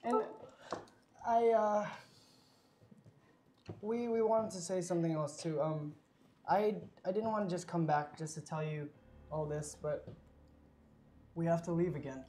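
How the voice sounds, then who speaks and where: Halting emotional man in role-play. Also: fairly high pitch, mellow. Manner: halting, emotional, many restarts. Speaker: player.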